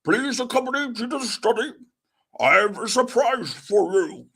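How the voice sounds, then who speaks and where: A man voicing a grave, elderly British prime minister in a read-aloud comic, in a slow, ceremonious manner. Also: very high voice, lively intonation, vocal fry, sharp tone, husky, voice pushed up, exaggerated voice. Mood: stately.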